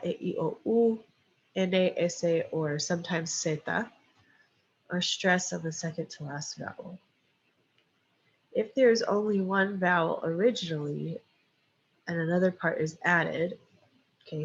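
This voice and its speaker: A woman's voice: lowish voice, husky. A woman teaching a Spanish lesson, explaining step by step with frequent "okay" and "um". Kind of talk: recorded lecture with slides. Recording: dull lo-fi recording.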